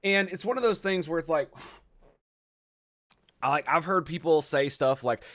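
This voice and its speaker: Male stream host, theatrical and profane, animated delivery, dry mic. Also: on the high side, a little slow, long pauses, no echo. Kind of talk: casual livestream commentary.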